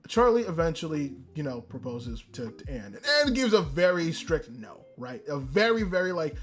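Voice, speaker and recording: A man's voice: on the high side, sing-song, normal speed, soft background music. A man hosting a podcast, talking casually about anime in a rambling way and swearing freely. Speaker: podcast host. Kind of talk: casual anime review rant.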